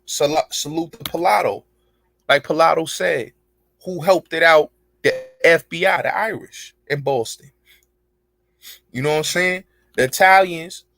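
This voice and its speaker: A man's voice: fairly high pitch, fairly bright tone, no room sound. Emphatic man ranting in street slang. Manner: rambling, emphatic, heavy profanity and street slang. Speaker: show host. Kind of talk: casual monologue.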